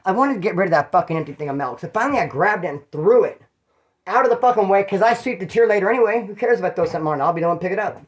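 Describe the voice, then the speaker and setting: A California man who hosts a channel of prison stories tells them casually and ramblingly, packed with street slang and swearing. His high-pitched voice is expressive and very fast.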